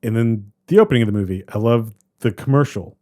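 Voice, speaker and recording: A man co-hosting a podcast, chatting casually about a movie in a rambling, animated way that keeps trailing off and restarting. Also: fairly low pitch, quick pace. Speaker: podcast co-host. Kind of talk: casual movie review chat.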